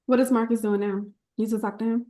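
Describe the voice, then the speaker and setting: A woman's voice: a little high, steady tone, fast talker, dark tone. Candid woman podcast co-host. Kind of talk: casual chat.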